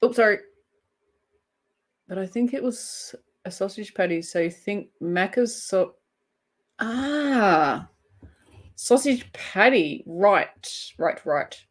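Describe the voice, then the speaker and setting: Giggly Australian woman, unhurried. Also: mid-range voice, animated. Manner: giggly, chatty, reads viewer comments aloud. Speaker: crochet livestream host. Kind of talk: casual live-chat banter.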